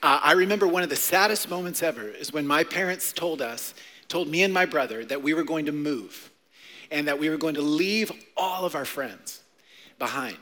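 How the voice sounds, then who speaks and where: A man in his forties, a pastor preaching a playful, animated sermon to a church congregation. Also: fairly high pitch. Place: church sanctuary. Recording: long hall reverb.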